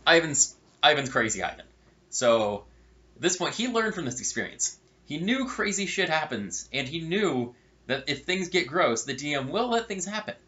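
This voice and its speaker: A man casually telling a funny story from his game nights, with wry asides and animated delivery. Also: a little high, normal speed. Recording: dull lo-fi recording.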